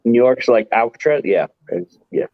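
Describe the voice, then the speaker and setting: Hosting a casual livestream chat, a man rambles along and chuckles frequently. He speaks at normal speed with medium pitch and lively intonation, with no room sound and dull, muffled stream audio.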